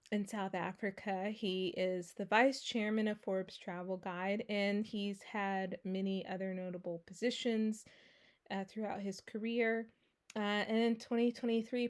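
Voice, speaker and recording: A woman hosting a podcast, giving an earnest solo introduction with pauses and filler sounds. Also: mid-range voice, clear, resonant tone. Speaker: podcast host.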